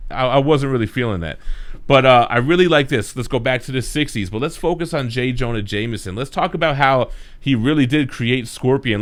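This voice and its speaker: A man's voice: mid-range voice, fairly bright tone. A man hosting a comic book channel, talking in a laid-back, slangy way as he reviews the week's comics. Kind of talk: casual review chat.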